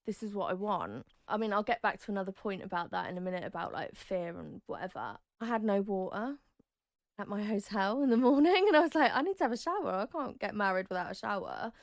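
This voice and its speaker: A woman in her thirties tells her story as an interview guest. She is chatty and lively, jumping into high squeals when she acts out what people said. The sound is dry and close. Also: fairly quick, dry recording.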